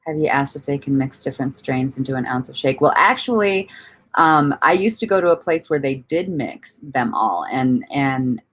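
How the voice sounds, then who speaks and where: A woman with a rumbling low voice hosts a casual livestream, speaking expressively at normal speed over slight background noise. She reads viewer comments aloud and rambles through her thoughts, laughing often and swearing casually.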